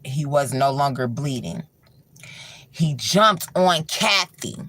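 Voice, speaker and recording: Livestream host telling a scary story, loose slangy talk, lotta "like" and "right?", middle pitch. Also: expressive, takes it slowly, fairly bright tone, no echo. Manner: colloquial, filler-heavy, drops low for suspense. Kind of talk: casual horror storytelling on a livestream. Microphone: livestream mic.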